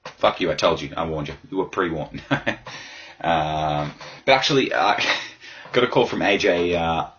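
A deep-voiced man hosts a casual solo podcast, hoarse and rambling with crude, self-deprecating humour. His tone is bright and forceful. The recording sounds dull and lo-fi. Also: lively intonation, a little slow, long pauses. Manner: rambling, crude, self-mocking with frequent laughs. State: hoarse from yelling. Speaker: podcast host.

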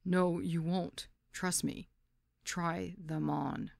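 A woman voicing a calm, insistent male boyfriend, speaking slowly and softly. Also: fairly low pitch, gravelly, no room sound, studio quality, heavily acted. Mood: coaxing.

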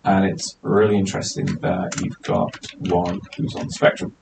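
A man hosting a casual podcast, teasing his guests and jumping up high when excited. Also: moderate pace, vocal fry. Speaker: podcast host. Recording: distant mic, faint hiss.

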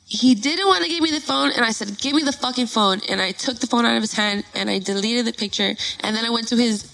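Gravelly-voiced woman telling a story. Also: a little high, quick pace, rough recording. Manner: animated, swears freely, many restarts. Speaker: guest performer. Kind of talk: casual storytelling chat.

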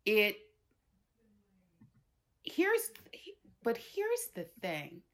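A woman in her fifties telling personal stories in a conversation, emotional and animated, acting out her relatives' voices. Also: mid-range voice, drawn-out words. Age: 50s. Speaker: guest.

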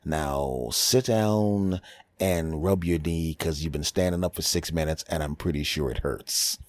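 A middle-aged male podcast host with a low voice rants in a brash, mocking comedic style. He jabs at his listeners bluntly. The recording is dry and close to the mic. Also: measured pace, dry recording. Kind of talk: comedic rant.

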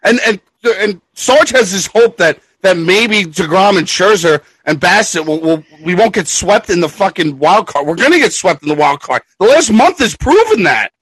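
A man's voice: high-pitched, lively intonation, moderate pace, few pauses, breathy edge, no room sound, poor audio. A man ranting angrily about his teams on a sports podcast, swearing and raising his voice. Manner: angry profane ranting, shouting at times. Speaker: podcast co-host. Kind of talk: casual sports chat.

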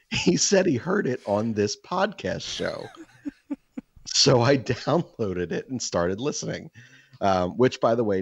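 A man's voice: lowish voice, creaky, breathy edge, no echo. A man co-hosting a podcast, telling crude stories in casual chat and cursing freely. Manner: crude, joking storyteller who curses freely. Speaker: podcast co-host.

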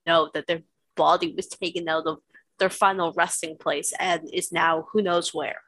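A woman's voice: on the low side, flat delivery, normal speed, a bit bright, dry recording, poor audio. A woman co-hosting a podcast in casual chat, explaining her points in an earnest way. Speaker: podcast co-host.

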